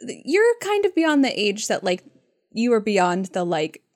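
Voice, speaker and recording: A woman's voice: medium pitch, very animated, a little slow. A young woman co-hosting a chat podcast, reacting expressively with gasps and laughs. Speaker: podcast co-host.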